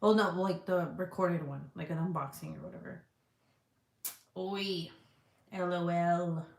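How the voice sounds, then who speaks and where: A woman in her thirties chats casually on a live stream, blunt and full of swearing, and laughs often. Her voice sits fairly low, and the cold room at home gives it a roomy, echoing sound. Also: steady tone, measured pace, vocal fry. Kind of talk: casual live chat, reading viewer comments. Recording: echoey room.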